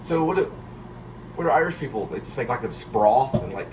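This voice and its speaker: A man's voice: mid-range voice, animated, brisk, background noise. A man hosting a casual home vlog, rambling and reflective, often circling back to correct himself. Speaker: vlog host.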